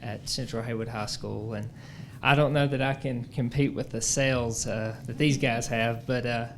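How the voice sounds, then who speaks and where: A man's voice: medium pitch, fairly even intonation, moderate pace. A man teacher speaks hesitantly at a public meeting, with many fillers. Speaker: horticulture teacher. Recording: faint background noise.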